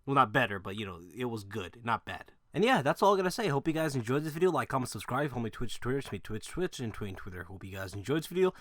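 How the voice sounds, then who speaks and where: A man's voice: mid-range voice, expressive, fast, hardly any pauses, a bit bright, no echo, studio quality. A man giving a blunt, profane opinion rant to his viewers, rambling with fillers and laughing between points. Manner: loose rambling with restarts and fillers. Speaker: gaming video creator. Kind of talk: casual opinion rant to camera.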